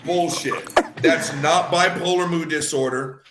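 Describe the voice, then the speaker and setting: Man in his fifties, Cajun accent, heated and profane, bright forceful tone, echoey room. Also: on the high side, fairly even intonation, a little slow. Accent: Louisiana Cajun. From Louisiana. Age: 50s. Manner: profane, heated, repeats words, swings between laughing and shouting. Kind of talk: casual chat, ranting commentary.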